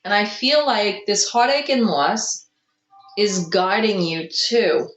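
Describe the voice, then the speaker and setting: A woman doing a casual tarot reading to camera, slow and musing, with soft gushing exclamations and an allergy-roughened throat. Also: mid-range voice, roomy sound, low-quality recording. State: clearing her throat from allergies. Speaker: tarot card reader.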